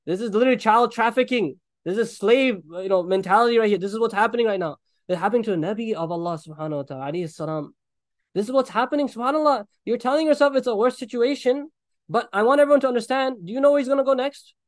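A man preaching a sermon, retelling a story with animated acted-out voices and frequent laughs. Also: very high-pitched, dry recording.

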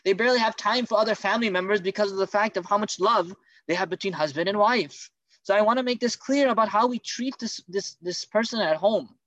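Male preacher, high and quick, earnest, dry slightly dull recording. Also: a bit bright, no room sound. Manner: earnest, urgent rhetorical questions. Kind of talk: sermon.

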